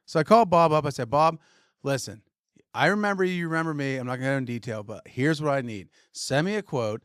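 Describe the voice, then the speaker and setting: A man's voice: a little high, quick pace, clean tone, dry recording, studio quality. A man co-hosting a podcast, telling a story in casual chat and acting out what people said to him. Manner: animated storyteller acting out quotes. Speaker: podcast co-host, retailer.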